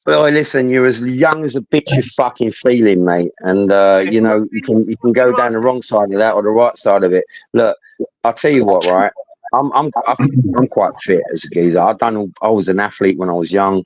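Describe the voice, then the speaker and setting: A London man in his fifties chatting casually, rambling and swearing as he tells animated stories. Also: lowish voice, moderate pace, low-quality recording. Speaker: talker recounting stories. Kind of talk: casual chat.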